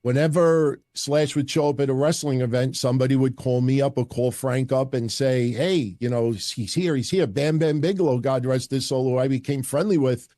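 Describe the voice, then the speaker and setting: A man's voice: medium pitch, a little fast, hardly any pauses, no echo, clean studio sound. A middle-aged man, telling stories bluntly and profanely in a casual interview. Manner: blunt, profane, animated storyteller. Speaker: wrestling podcast host as guest.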